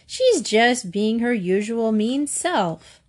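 A woman voicing a lively, outspoken young girl in a storybook reading. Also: on the high side, takes it slowly. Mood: eager.

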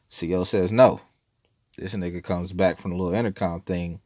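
A man with a deep, low voice tells a story in a loose, laid-back way, swearing freely and rambling between asides. The sound is dry and close, with no room around it. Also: steady tone, brisk, mellow, no echo. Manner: laid-back, profane, rambling with frequent laughs. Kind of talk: casual storytelling monologue.

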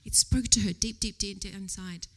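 A woman speaks to a church congregation in a casual sermon, with a bright, ringing tone. She talks in a chatty, animated way, laughs often and lowers her voice to a whisper when she quotes her own thoughts. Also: normal speed. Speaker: lay preacher. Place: church service before a congregation.

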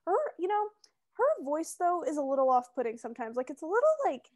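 Young woman co-host with a high voice, chatty and insistent, in loose casual conversation. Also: sing-song, a little fast, a little mellow. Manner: chatty, filler-heavy, insistent. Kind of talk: casual chat.

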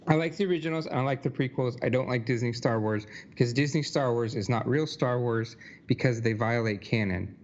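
A man's voice: medium pitch, fairly quick, darkish tone. Brief: male podcast co-host, casual rambling talk, slightly muffled lo-fi sound. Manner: rambling, many likes and you knows. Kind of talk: casual chat.

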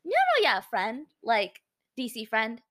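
A woman in her twenties in casual chat, tossing in quick quips and reactions. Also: on the high side, wildly swooping pitch, fairly bright tone. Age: 20s.

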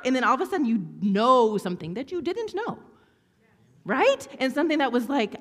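A woman preaching a sermon in a conversational, animated way, often calling out to the congregation for a response. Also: a little high, fast talker. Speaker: pastor. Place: church hall with audience. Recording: long reverb of a large hall.

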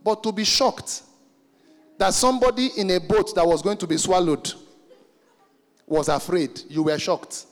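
High-voiced preacher shouting in a hall. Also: male voice, measured pace, long pauses. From Nigeria. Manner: animated, jokey, shouts for emphasis and stretches words. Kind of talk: sermon.

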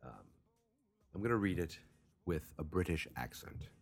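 Very deep husky Massachusetts man. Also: expressive, measured pace, no echo. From Massachusetts, USA. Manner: rambling, profane, self-mocking. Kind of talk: casual chat.

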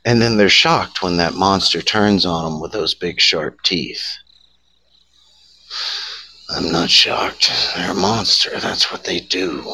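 Host: man, low and bright-toned, folksy campfire storyteller, crickets chirping behind. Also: a little hiss or hum, low-quality recording.

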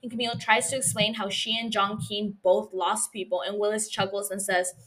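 A woman podcast host recapping a TV episode in casual chat, reacting with lively, profane outbursts. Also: mid-range voice, brisk. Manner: animated, profane, gushing reactions.

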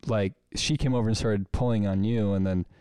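A man's voice: on the low side, fairly even intonation, brisk, mellow, clear, resonant tone, no room sound, studio quality. A young man from the American Midwest co-hosting a podcast, rambling through a story with restarts and swearing. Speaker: podcast co-host. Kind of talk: casual chat.

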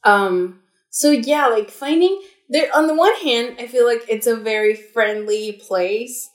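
A young adult woman helps host a podcast, telling stories casually with many fillers and do-overs. She speaks a bit high and at a measured pace. Echo from the room is audible.

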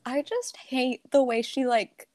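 A young woman co-hosting a podcast in casual chat, teasing and quick to laugh. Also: high voice, very animated, darkish tone. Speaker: podcast co-host.

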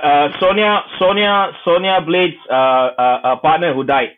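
A man co-hosting a casual film chat, often repeating words and pausing with fillers while he thinks. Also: a little high, narrow, tinny audio. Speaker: podcast co-host.

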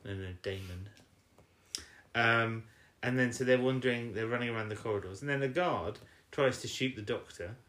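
A man's voice: mid-range voice, moderate pace, fairly bright tone, reverberant. A man co-hosting a podcast, recapping an episode in casual, rambling chat with teasing jokes.

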